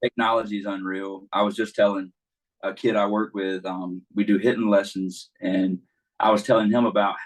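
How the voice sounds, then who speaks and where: A man's voice: on the low side, flat delivery, moderate pace, rough recording. A man who coaches baseball, chatting casually and telling stories in a laid-back way with plenty of fillers. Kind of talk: casual podcast chat.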